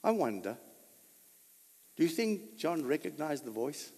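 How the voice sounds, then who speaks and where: A man preaching a sermon as pastor, full of rhetorical questions and sudden loud bursts. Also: a little high, sing-song, unhurried, breathy edge. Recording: long hall reverb.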